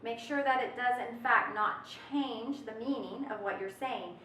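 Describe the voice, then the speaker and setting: A bright, forceful woman leads a grammar webinar, pitched a little high and stretching out her examples in a folksy teacher's manner. She sounds set back from the mic in an echoey room, with a faint hum of ambience behind her. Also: distant mic. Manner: lively, folksy teacher talk, drawn-out emphasis on examples. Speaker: test prep instructor.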